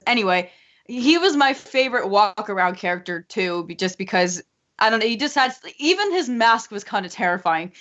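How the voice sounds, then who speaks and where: A woman's voice: mid-range voice, animated, moderate pace, fairly bright tone. Emphatic woman on a muffled line. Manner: emphatic, opinionated fan. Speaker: guest. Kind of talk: casual podcast chat. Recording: slightly muffled lo-fi audio.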